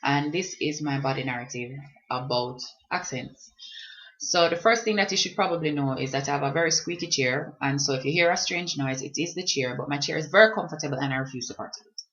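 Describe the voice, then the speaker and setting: A young woman from Jamaica with a Kingston middle-class Jamaican accent, chatting reflectively to camera as a student vlogger. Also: low-pitched. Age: young adult. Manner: chatty, reflective, with quick lively rises. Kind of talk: casual talk to camera. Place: at home in a squeaky chair. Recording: slightly dull lo-fi sound.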